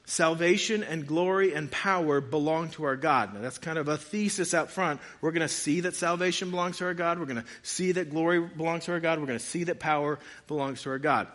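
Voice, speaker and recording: A man's voice: a little high, fast, few pauses, a bit bright. A man pastor giving a conversational sermon, reading scripture aloud and joking with his congregation.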